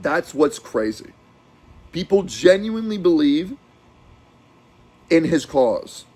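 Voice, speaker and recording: Young guy ranting on stream, high and all over the place, kinda raspy, yells then mutters. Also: sing-song, takes it slowly. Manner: agitated, profane, swings between shouting and mutters. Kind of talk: heated commentary rant.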